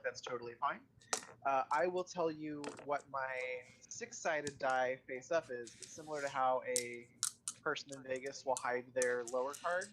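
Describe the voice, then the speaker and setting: A man narrating and explaining the rules as game master of a tabletop game, relaxed and easygoing. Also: mid-range voice, background noise.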